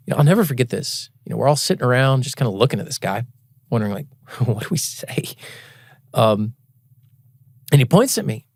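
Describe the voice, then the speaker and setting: A man's voice: mid-range voice, darkish tone, no echo, clean studio sound. A male pastor preaching a sermon, telling a story in an earnest, conversational way and laughing at himself now and then.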